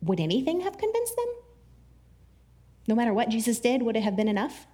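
A woman giving a casual, chatty Bible teaching, animated, with many "like" fillers and frequent laughs. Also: on the high side, brisk.

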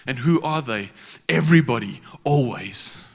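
A man's voice: mid-range voice, expressive, moderate pace, big-room sound. A man preaching a sermon in a casual, slangy way, with frequent restarts.

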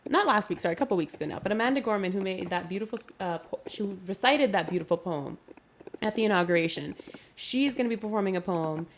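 Sweary animated woman podcast co-host. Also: mid-range voice, fast, a little hiss or hum. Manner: swearing, animated, laughs often. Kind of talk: casual chat.

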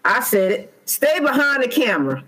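A woman's voice: a little high, big pitch swings, normal speed, fairly bright tone, rough recording. A woman co-hosting a podcast, chatting casually, blunt and emphatic, repeating her points. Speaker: podcast co-host. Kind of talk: casual chat.

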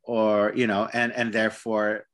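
A man with a low, bright and forceful voice talks about dog training in a relaxed conversation. He hesitates often and circles back, repeating words as he finds his point. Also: unhurried. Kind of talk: casual podcast conversation.

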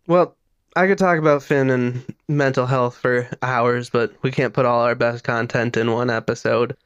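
A man's voice: mid-range voice, steady tone, moderate pace, clear, resonant tone, no echo, highs cut off. Podcast host guy asking questions. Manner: laughs often, lots of short backchannels. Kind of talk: casual chat.

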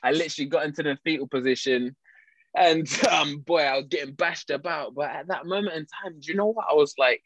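A man telling a story in casual chat, animated, laughing often and restarting his sentences. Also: a little high, fairly quick, dry recording.

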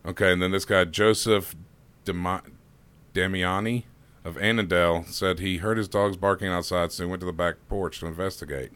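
A man's voice: low voice, steady tone, moderate pace, a bit bright, clean tone. A man co-hosting a casual podcast, reading odd news stories and joking with his partner. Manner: joking, reads quotes aloud with playful voices. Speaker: podcast co-host.

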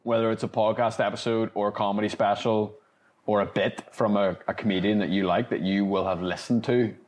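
A man from hosting a casual pub interview, encouraging and quick to laugh. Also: lowish voice, steady tone, darkish tone. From Northern Ireland. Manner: encouraging, laughs easily, quick follow-ups. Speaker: podcast host.

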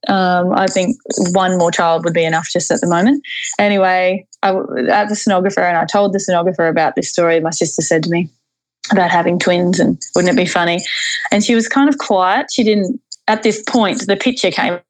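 A woman's voice: on the low side, steady tone, fairly quick, no room sound, low-quality recording. A woman in her thirties telling a personal story as an interview guest, chatty and rambling with many fillers and restarts. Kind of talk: casual storytelling.

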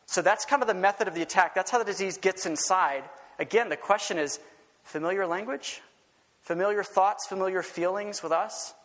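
A male pastor preaching an animated sermon full of rhetorical questions and emphatic repetition, recorded in a church sanctuary with a long reverb. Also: high voice, fairly quick.

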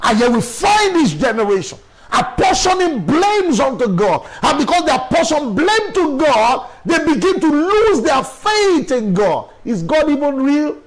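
A middle-aged male preacher with a strikingly high voice. His pitch swings widely as he drives his points home, and he keeps pressing his listeners with rhetorical questions. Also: big pitch swings, measured pace, rough recording. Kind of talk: sermon.

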